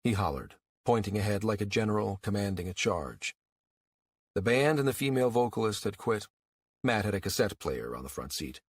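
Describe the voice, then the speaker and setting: A man narrating a first-person audiobook in a weary, wry, even-paced storytelling manner. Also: fairly low pitch, normal speed, breathy edge, no room sound, studio quality.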